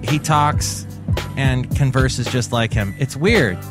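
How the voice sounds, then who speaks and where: A man's voice: mid-range voice, slow, music in the background. A man hosting a casual comedy podcast, jokey and rambling with silly asides. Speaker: podcast host.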